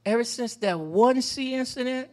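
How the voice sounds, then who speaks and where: A man speaking as a panel guest, telling animated stories about fatherhood and repeating phrases for emphasis. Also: very high voice, normal speed. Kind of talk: personal storytelling in a community panel.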